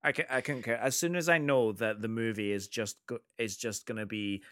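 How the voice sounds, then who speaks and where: A man's voice: on the low side, brisk, no room sound, studio quality. A man chatting casually about a film, telling stories with lots of restarts. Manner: animated storyteller, many restarts.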